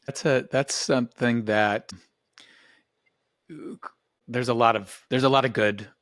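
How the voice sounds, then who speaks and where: A man's voice: mid-range voice, fairly even intonation, slow pace, a bit bright, no room sound, clean studio sound. A man hosting a podcast, talking reflectively and rambling, often restarting his sentences. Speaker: podcast host. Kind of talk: casual podcast conversation.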